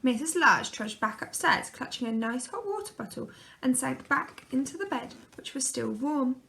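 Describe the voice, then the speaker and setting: A woman reading a children's picture book aloud, gently and expressively. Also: high voice, lively intonation, normal speed, creaky. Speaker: storyteller.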